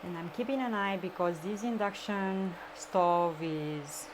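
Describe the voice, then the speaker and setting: A woman talks her viewers through a recipe in her home kitchen, chatty and unhurried, often stopping to hunt for the right word. Her pace is slow and easy. A faint hiss sits behind the voice. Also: on the low side. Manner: chatty, addresses viewers, searches for words. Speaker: streamer cooking live. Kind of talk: casual live-stream cooking chat.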